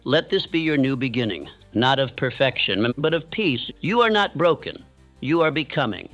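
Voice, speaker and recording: A man giving a scripted motivational speech, leading listeners through affirmations in a measured, earnest way. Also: medium pitch, sing-song, fairly bright tone, no room sound. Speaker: motivational speaker. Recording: dull lo-fi sound with faint music.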